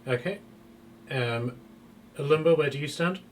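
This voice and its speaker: Relaxed man running a tabletop game. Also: fairly high pitch, measured pace, a little hiss or hum. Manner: casual, relaxed, with many fillers. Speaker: game master.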